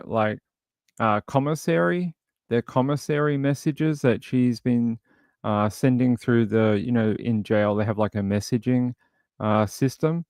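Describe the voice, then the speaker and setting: A livestream host with a mid-range voice chats casually and thinks aloud as he scrolls through material. There is no room sound.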